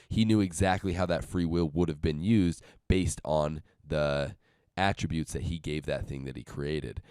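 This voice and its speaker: A very deep, smooth, resonant male voice works through an argument one step at a time, measured and deliberate. It is recorded dry and close, with no room sound. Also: mellow, no echo. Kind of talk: casual podcast discussion.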